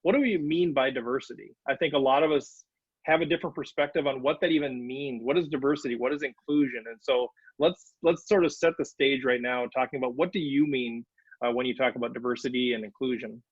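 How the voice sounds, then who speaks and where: A man's voice: medium pitch, brisk, breathy edge, no echo. A man hosting a podcast interview in a friendly way, starting many phrases with "uh". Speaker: podcast host. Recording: dry, dull, lo-fi recording.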